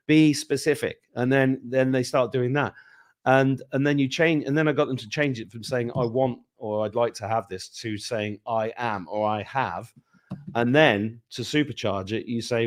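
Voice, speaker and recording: Male host, mid-pitched, lively storytelling over a video call. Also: moderate pace. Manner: animated storyteller, acts out quoted voices. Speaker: podcast host. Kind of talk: casual interview chat. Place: home in Ireland.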